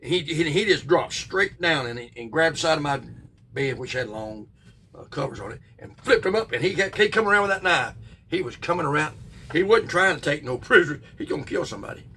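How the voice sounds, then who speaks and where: A middle-aged man, telling a childhood ghost story in a folksy, drawn-out way with sudden bursts. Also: fairly high pitch, lively intonation, sharp tone, recorded from a distance. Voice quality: gravelly, husky. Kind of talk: casual spoken ghost story.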